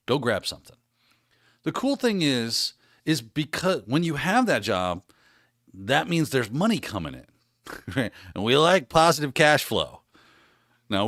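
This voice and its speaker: A man hosts a casual livestream at his desk mic and talks with lively, swinging pitch. He is energetic and encouraging, restarts often and tags his points with "right?". The sound is close and dry. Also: no room sound. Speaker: host.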